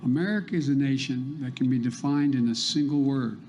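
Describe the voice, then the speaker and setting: Older man with halting, mellow delivery. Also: medium pitch, a little hiss or hum. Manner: halting, trips over words. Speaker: debate candidate. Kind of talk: televised debate and speech clips.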